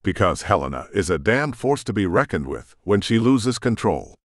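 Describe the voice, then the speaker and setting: A man's voice: lowish voice, big pitch swings, normal speed, no room sound, studio quality. A man voicing a worried woman who asks probing, challenging questions.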